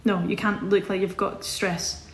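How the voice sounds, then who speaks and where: A woman's voice: medium pitch, little pitch movement, unhurried. A woman in her twenties from Scotland, chatting casually on a livestream as host, rambling and correcting herself as she reads comments. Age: 20s. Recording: echoey room.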